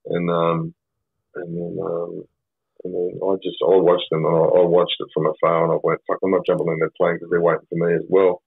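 Low husky Australian man with a tinny sound. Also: monotone, a little fast, dry recording. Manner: blunt, sweary, rambling with many fillers. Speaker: podcast guest. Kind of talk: casual storytelling.

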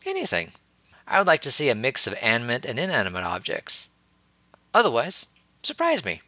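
A man's voice: medium pitch, wildly swooping pitch, a little fast, bright, forceful tone, no echo. A man doing a teasing young wizard. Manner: teasing, amused. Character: playful, teasing young male wizard teacher.

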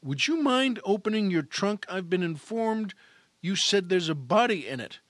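A man's voice: sits high, big pitch swings, moderate pace, fairly bright tone, dry recording, voice pushed up. A man voicing a stern male police captain who speaks formally and carefully.

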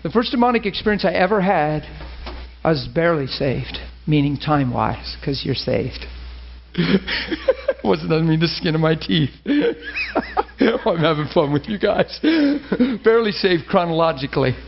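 A man's voice: a little high, big pitch swings, measured pace, creaky, muffled recording, a little hiss or hum. A male preacher giving an emphatic, story-driven sermon. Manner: emphatic, storytelling, laughs often.

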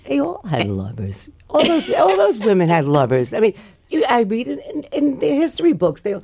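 Woman co-host, gravelly and warm, quick joker. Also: on the high side, wildly swooping pitch. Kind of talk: casual chat.

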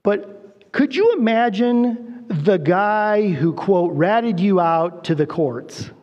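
High-voiced man preaching in a reverberant hall. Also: slow, muffled recording. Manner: animated storytelling preacher, acts out voices in quotes. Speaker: guest preacher. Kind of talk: sermon.

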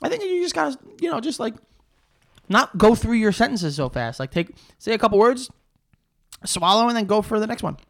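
A man's voice: high voice, very animated, a little fast, vocal fry, fairly bright tone. A young man co-hosting a podcast, rambling casually with lots of fillers and jokes. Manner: rambling, jokey, filler-heavy. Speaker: podcast co-host. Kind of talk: casual chat.

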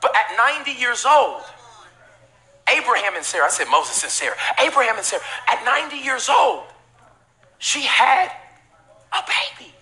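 A man preaching a sermon as pastor to a live church congregation, emphatic and repetitive with bursts of shouting and casual joking asides. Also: very high-pitched, sing-song, moderate pace, long pauses.

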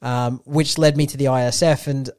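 Man, podcast co-host, mid-pitched voice, dry close mic, relaxed storytelling, lots of fillers. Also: normal speed, no echo. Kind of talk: casual car chat.

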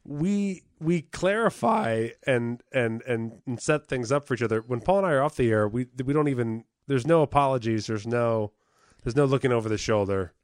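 A man's voice: mid-range voice, normal speed, few pauses, no echo, studio quality. A man co-hosting a comedy podcast, casually telling a long joke as a story. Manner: storyteller, many fillers and restarts. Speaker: podcast co-host.

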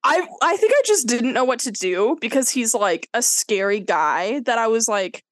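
A woman's voice: on the high side, normal speed, no room sound. A young woman co-hosting a podcast, telling a dating story in casual chat, with lots of "like" and acted-out quotes. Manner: animated storyteller, fills with "like", acts out quotes. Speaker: podcast co-host.

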